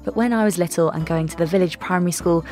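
A woman's voice: lowish voice, rapid-fire, dark tone, soft background music. Poised woman with a received pronunciation accent. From Oxfordshire, England.

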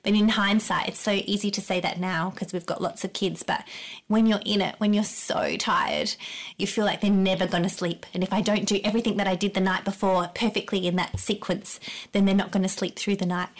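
Heartfelt woman, lower voice. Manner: warm, reassuring, heartfelt. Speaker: podcast guest. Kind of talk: earnest conversational interview.

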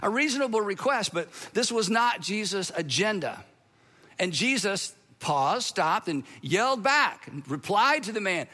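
Middle-aged male pastor, sermon delivery, high and bright, chatty and animated. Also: moderate pace. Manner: conversational, animated, acts out quoted voices.

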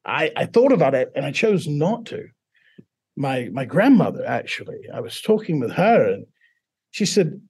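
Speaking at a moderate pace, this fairly high-pitched man sounds very animated, a little mellow, and slightly breathy. He's a middle-aged interview guest from Mississippi in the US South with a British-sounding accent caused by foreign accent syndrome, and he performs the quoted voices in his story.

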